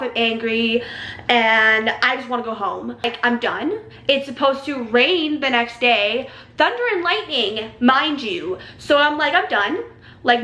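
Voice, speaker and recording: A young woman vlogger telling a story in a casual, excitable way, full of "like" and swearing. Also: sits high, echoey room. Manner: excitable, heavy use of "like", swears freely.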